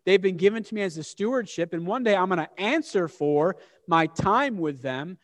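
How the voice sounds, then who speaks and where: A man preaching a sermon as an animated, self-mocking story. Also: high voice, normal speed. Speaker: pastor. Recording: long hall reverb.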